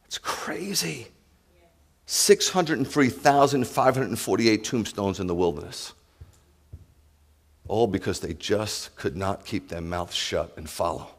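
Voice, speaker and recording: A man's voice: on the low side, a little slow. Impassioned male rabbi preaching in a reverberant hall. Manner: impassioned, swings from loud preaching to hushed. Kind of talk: sermon. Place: congregation sanctuary.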